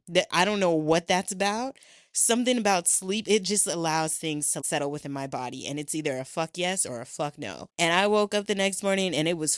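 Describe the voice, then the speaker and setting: A young adult woman hosting a podcast, telling a personal story in a casual, animated way, swearing freely and acting out what people said. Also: fairly low pitch, no echo, clean studio sound. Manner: animated, swears freely, acts out quoted voices. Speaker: podcast host.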